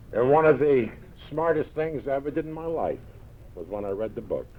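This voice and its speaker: Gruff New York man on old tape. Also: medium pitch. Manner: gruff, punchy storytelling with quoted one-liners. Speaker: recovery meeting speaker. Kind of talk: storytelling talk to an audience. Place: large event hall. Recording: tinny old 1970s tape recording.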